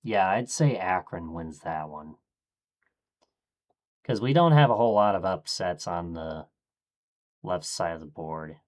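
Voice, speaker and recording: A man streaming, thinking aloud in a casual, low-key way as he murmurs his choices one after another. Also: animated, measured pace, pauses often.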